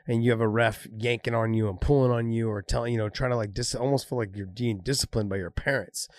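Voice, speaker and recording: A man's voice: medium pitch, fairly even intonation, quick pace, dry recording. A man and former fighter chatting casually, acting out what he said mid-fight. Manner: storytelling, acting out quoted lines with laughs. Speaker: former fighter, podcast co-host. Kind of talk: casual chat.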